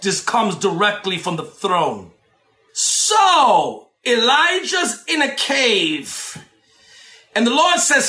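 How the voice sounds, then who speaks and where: A man preaching a sermon, shouting and dramatic, with asides to the congregation. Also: very high-pitched, wildly swooping pitch, slow pace, echoey room.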